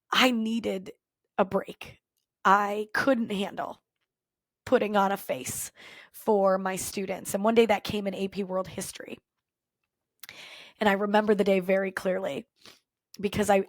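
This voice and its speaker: A woman podcast host and culture coach telling a personal story in an earnest, reflective way, with thoughtful pauses. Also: medium pitch, dry recording, studio quality. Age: former teacher, adult.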